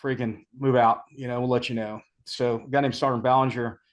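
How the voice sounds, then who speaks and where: A man's voice: medium pitch, a little fast. Laid-back man telling army stories. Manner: relaxed storytelling, acts out quoted sergeants, laughs. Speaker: podcast guest, retired Ranger sergeant major. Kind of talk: casual storytelling.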